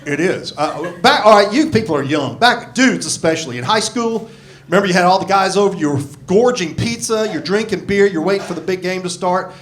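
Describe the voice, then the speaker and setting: A man's voice: high-pitched, animated, a little fast, fairly bright tone. Profane grumpy comedian in his sixties. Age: 60s. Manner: profane, self-deprecating, grumpy. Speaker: stand-up comedian. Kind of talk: stand-up comedy set. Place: comedy club stage. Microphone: handheld microphone. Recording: live comedy club with audience laughter.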